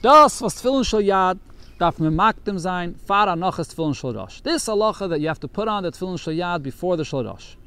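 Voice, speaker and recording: Man teaching a text lesson, somewhat high. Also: expressive, fairly quick, pushed and bright, clean tone. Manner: reads Yiddish text aloud, then explains it in English. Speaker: Torah teacher.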